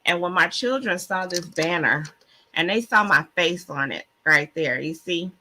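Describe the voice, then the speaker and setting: A woman's voice: lowish voice, lively intonation, a little slow, sharp tone, a little hiss or hum. A woman guest co-author on a faith-filled podcast, talking with passion, sometimes stumbling over words and admitting she stutters. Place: Clubhouse-style online audio room.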